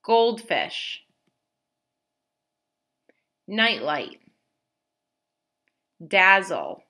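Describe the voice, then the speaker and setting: A woman teaches young children in a slow, carefully enunciated way, leaving room for them to answer. Her voice is bright and a little pressed, and she offers plenty of praise as she goes. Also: mid-range voice, wildly swooping pitch.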